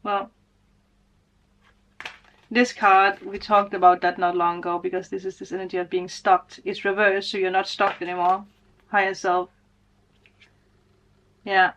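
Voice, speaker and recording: A woman reading tarot cards in a casual vlog. Her pitch sits in the middle for a woman. She speaks straight to her viewers, gets emotional and laughs often. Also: fairly bright tone, muffled recording, a little hiss or hum. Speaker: spiritual tarot reader.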